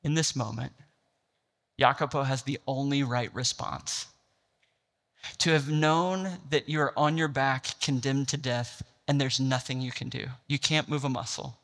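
A man's voice: mid-range voice, steady tone, measured pace, fairly bright tone, in a large hall. A man preaching a sermon, retelling a film scene and building to an impassioned, rising climax. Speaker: pastor.

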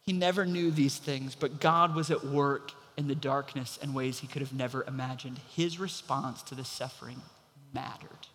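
A man's voice: medium pitch, steady tone, normal speed, few pauses, fairly bright tone, big-room sound. A man preaching a sermon as pastor, telling a story and acting out the voices of the people in it.

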